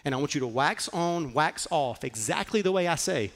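A man voicing a patient older male karate master, speaking gently and instructively, like a father. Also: a little high, animated, normal speed, big-room sound.

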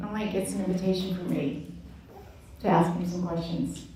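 A woman in her forties giving a candid, self-mocking teaching talk at a women's Bible study, telling stories with animated energy. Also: fairly low pitch, a little fast, a little hiss or hum. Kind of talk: sermon-style teaching talk. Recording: echoey room from far off, faint ambience.

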